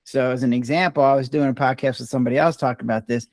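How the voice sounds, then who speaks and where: An older man, a retired doctor and podcast guest, telling stories in a relaxed, rambling way and often restarting his words. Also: mid-range voice, racing, no room sound, clean studio sound. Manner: relaxed, rambling storyteller who restarts words mid-sentence. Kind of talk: casual storytelling conversation.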